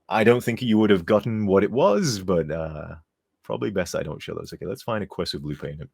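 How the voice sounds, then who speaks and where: A man's voice: low-pitched, lively intonation, fairly quick, gravelly, darkish tone, husky. A tired man streaming as a game modder, rambling and chuckling as he reads chat aloud, sometimes turned away from his desk mic. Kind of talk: casual live-stream chat.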